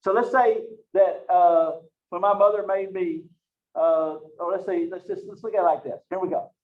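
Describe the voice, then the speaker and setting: High-voiced man lecturing from a distance. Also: moderate pace. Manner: lively, keeps asking rhetorical questions; jokes at his own expense. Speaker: biology instructor. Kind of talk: recorded online lecture. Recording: roomy, distant, dull lo-fi mic.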